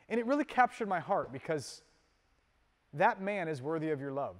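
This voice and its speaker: Male pastor preaching in a reverberant hall. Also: sing-song. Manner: dynamic preaching, swinging from loud emphatic peaks to soft, low, intimate asides; conversational, with casual fillers and quick laughs. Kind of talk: sermon. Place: church sanctuary.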